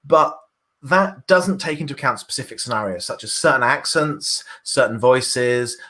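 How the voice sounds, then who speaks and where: A man's voice: mid-range voice, normal speed, bright, forceful tone. British man demoing code. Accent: British English. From Britain. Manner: enthusiastic, explanatory, with restarts. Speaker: workshop presenter. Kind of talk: live coding demo talk.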